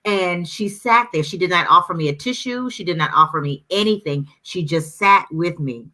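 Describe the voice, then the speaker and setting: Bright-voiced fervent woman guest. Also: fairly low pitch, moderate pace, poor audio. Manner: fervent, preacher-like repetition. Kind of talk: conversational discussion.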